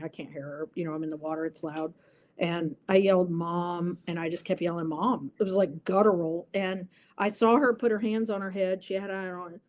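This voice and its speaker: A woman's voice: on the low side, a little mellow. A woman guest in an interview, telling a personal story earnestly and vividly, with many fillers.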